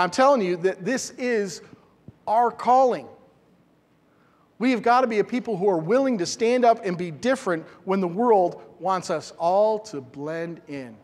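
A man's voice: high-pitched, in a large hall. A middle-aged man preaching a sermon in a church, earnest and emphatic, repeating phrases for stress. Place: church sanctuary.

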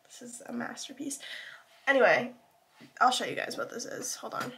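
A woman's voice: fairly high pitch, moderate pace, gravelly, a bit bright. Anxious rambling young woman vlogger. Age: young adult. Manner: rambling, self-deprecating, anxious. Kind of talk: casual vlog chat. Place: home, indoors.

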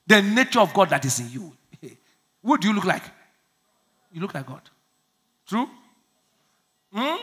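This Nigerian pastor has a high, sharp, very animated voice and speaks at a measured pace with frequent pauses. He laughs often during his sermon, leads call-and-response with the congregation, and acts out prayers in small voices.

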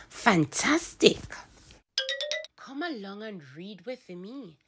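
A woman with a Jamaican accent teaching a children's phonics lesson, sounding out letters and words in a sing-song way. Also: mid-range voice.

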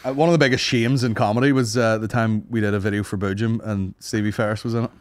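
With a lowish voice, a steady tone and a quick pace, a young Northern Irish man banters casually as co-host of a comedy podcast. His stories ramble, the swearing is constant, and he puts on voices for the quotes.

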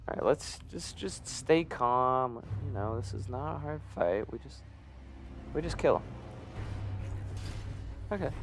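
Guy muttering over a game, frustrated and sleepy, beating himself up, mid pitch. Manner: self-deprecating, frustrated muttering. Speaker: gamer. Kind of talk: gameplay commentary.

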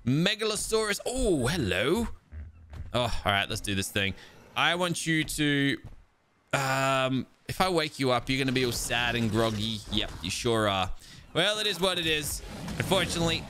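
A young man giving excitable let's-play commentary as he plays a survival game, chatting to his tamed creatures and breaking into exasperated outbursts. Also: medium pitch. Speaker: gaming video host. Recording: game music playing behind.

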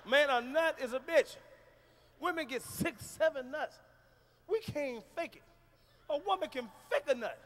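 A man doing a loud, profane stand-up routine on stage, telling stories with shouts and acted-out moans. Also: extremely high pitch, measured pace, pauses often, very noisy. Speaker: stand-up comedian. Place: large live venue on stage.

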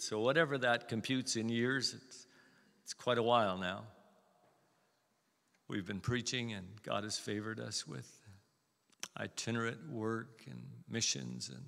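A man's voice: medium pitch, creaky, a bit bright, in a large hall. A man in his seventies, a guest preacher giving a chatty, folksy, anecdotal sermon in a church. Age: 70s. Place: church sanctuary.

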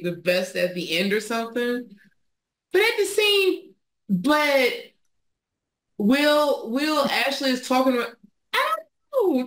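A woman's voice: a little high, a bit bright. A woman co-hosting a casual podcast, thinking aloud and hesitating over her picks. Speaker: podcast co-host. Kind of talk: casual chat. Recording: roomy echo.

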